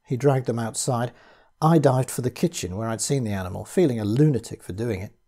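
A man giving a measured, grave first-person reading of a horror story. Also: mid-range voice, warm tone, breathy edge. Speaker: audiobook reader.

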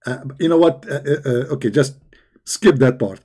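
A man hosting a call-in debate show, talking in a sarcastic, teasing way with many halting fillers. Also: medium pitch, mellow, breathy edge. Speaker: host.

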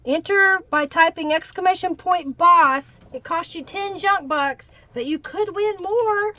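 A woman's voice: very high voice, unhurried, pushed and bright. A woman hosting a live craft stream, chatting and thinking aloud while she works and greeting viewers by name. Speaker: craft livestream host. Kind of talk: live crafting tutorial with chat shout-outs.

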